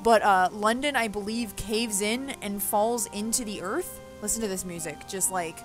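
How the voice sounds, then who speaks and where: A woman hosting a let's play, reading the game's story text aloud and chatting excitedly about it between passages. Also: medium pitch, normal speed, hardly any pauses, faint music behind. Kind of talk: casual gameplay commentary, reading game text aloud.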